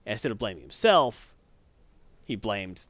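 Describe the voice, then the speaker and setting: A man's voice: fairly low pitch, sing-song, normal speed, a bit bright, no echo. A man casually reviewing comic books, sarcastic and exasperated, rambling through his opinions. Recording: dull, lo-fi, dry.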